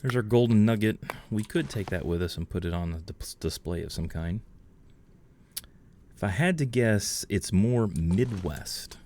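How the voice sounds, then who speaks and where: A man's voice: fairly low pitch, a little slow, a little hiss or hum. A man from Georgia in the US, chatting casually with his chat while playing a game on a livestream. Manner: relaxed, chatty, reads and answers chat. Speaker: livestream gamer.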